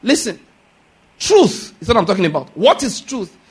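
Male preacher, high voice, emphatic sermon delivery, asks questions and waits for answers. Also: sing-song, moderate pace, breathy edge. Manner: emphatic, asks rhetorical questions and repeats key lines; calls for audience responses.

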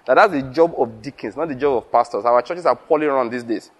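A man's voice: medium pitch, fairly quick. A man preaching to fellow pastors, telling stories and acting out conversations, laughing often. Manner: lively storytelling, acts out dialogue, laughs often.

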